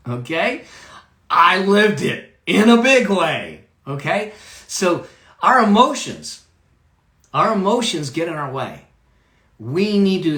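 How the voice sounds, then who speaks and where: A man's voice: on the high side, pushed and bright, roomy sound. A man giving a live motivational talk about money, emphatic, repeating key phrases and checking in with "okay?".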